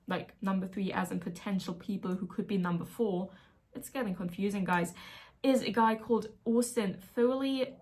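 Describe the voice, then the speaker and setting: Woman vlogger rambling thru a mystery plot, jokey and self-mocking, average pitch. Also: darkish tone. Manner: playful, self-mocking and chatty. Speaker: book vlogger. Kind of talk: casual chat summarizing a mystery novel.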